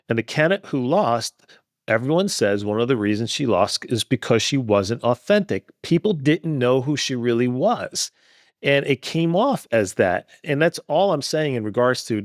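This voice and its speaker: A man's voice: medium pitch, no echo, studio quality. A man hosting a podcast interview, speaking frankly and bluntly in a motivational way. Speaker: podcast host. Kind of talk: conversational interview.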